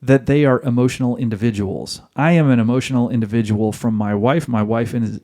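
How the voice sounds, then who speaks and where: A man's voice: mid-range voice, brisk, warm tone. A man hosting an advice podcast, talking emphatically and jokingly, often acting out both sides of a dialogue. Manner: emphatic, jokey, acts out dialogue. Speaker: podcast host giving marriage advice.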